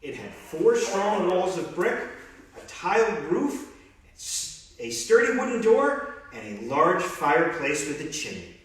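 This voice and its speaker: Expressive man reading a children's book. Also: high-pitched, a little slow, recorded from a distance. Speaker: police officer. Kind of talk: reading a children's story aloud. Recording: very echoey room, off-mic.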